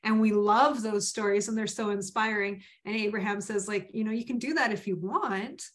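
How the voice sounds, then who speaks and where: A woman's voice: mid-range voice, moderate pace. A woman co-hosting a casual spiritual chat, talking in an upbeat, chatty way with lots of filler words.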